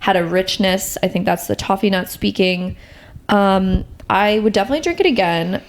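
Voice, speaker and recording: A young woman co-hosting a podcast in casual chat, chatty and playful, quick to laugh. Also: medium pitch, slight background noise. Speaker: podcast co-host.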